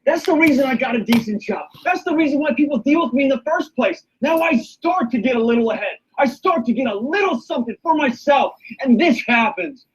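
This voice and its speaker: A man's voice: very high-pitched, expressive, fairly quick, few pauses, slightly rough, exaggerated voice, low-quality recording. An actor playing a young man who pleads in a strained voice with a relative, in a film scene. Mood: pleading. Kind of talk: film dialogue.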